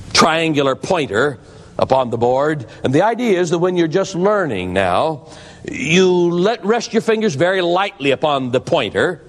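Male preacher, slightly high voice, earnest warning sermon, long hall reverb. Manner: earnest, warning tone with storytelling asides.

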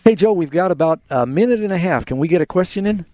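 A man's voice: high-pitched, expressive, fast, dark tone, no echo. A man hosting a call-in radio show, earnestly explaining Bible passages to callers. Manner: earnest, explanatory, quotes scripture. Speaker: radio Bible talk host.

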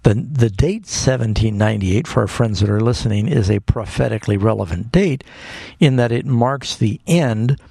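A man's voice: medium pitch, normal speed, creaky, warm tone, husky, dry recording, clean studio sound. A man who is a pastor, earnestly explaining Bible questions to callers on a call-in radio program. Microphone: studio microphone.

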